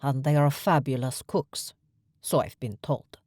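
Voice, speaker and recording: A calm Viking vampire man speaks low and softly, unhurried and reassuring, voiced by a female narrator. The audiobook sound is dry and close. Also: no echo. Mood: gentle. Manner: low, soft and measured. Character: large calm male Viking vampire, gentle. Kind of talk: audiobook character voice.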